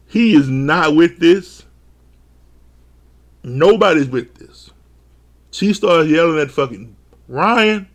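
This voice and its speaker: A man recapping a reality show episode in a casual, animated way, swearing often and acting out quotes. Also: a little high, slow pace, pauses often. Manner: animated, swears a lot, quotes people in jumpy voices.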